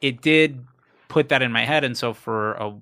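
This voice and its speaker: A man's voice: mid-range voice, normal speed, bright, forceful tone. A man guest from South Florida, talking candidly in a rambling, storytelling way on a casual podcast. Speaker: guest, comedian.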